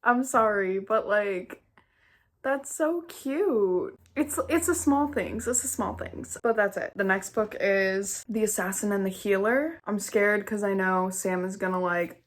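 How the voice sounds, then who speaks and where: A woman's voice: mid-range voice, unhurried. A young woman chatting casually in a reading vlog, gushing and dramatic, full of "like" fillers. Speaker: book vlogger.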